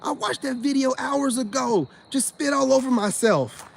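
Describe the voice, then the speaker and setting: High-voiced laughing American man. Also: normal speed, gravelly. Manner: laughs often, loose slangy delivery. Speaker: spiritual self-help vlogger. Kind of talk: casual rambling commentary to viewers.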